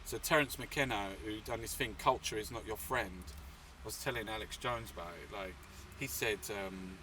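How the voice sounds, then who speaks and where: A man's voice: on the low side, normal speed, few pauses, sharp tone, recorded from a distance, slight background noise. Rambling, swearing man from England. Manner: rambling, swearing, full of fillers. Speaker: artist and activist guest. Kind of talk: casual storytelling interview.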